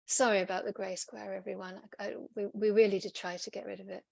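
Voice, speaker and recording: A woman's voice: mid-range voice, little pitch movement, fast, vocal fry, slightly rough, no echo. A woman presenting on a video call, reading out audience questions and answering them patiently. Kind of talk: online webinar Q&A.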